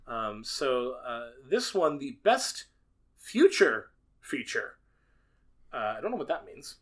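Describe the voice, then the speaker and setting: Man, podcast co-host, casual and rambling, bright tone. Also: mid-range voice, takes it slowly. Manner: jokey, excitable, rambling. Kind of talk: casual movie review chat.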